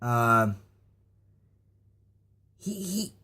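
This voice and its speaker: A man ranting casually to his viewers about wrestling, halting and stammering with many fillers. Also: mid-range voice, sing-song, sharp tone, husky. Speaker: YouTube ranter. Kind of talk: casual rant to camera.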